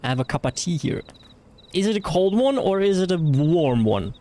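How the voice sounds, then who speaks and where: A man's voice: a little high, sing-song, normal speed, dark tone. A man with a German accent chatting casually through a game livestream, rambling with fillers and reading chat messages aloud. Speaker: streamer.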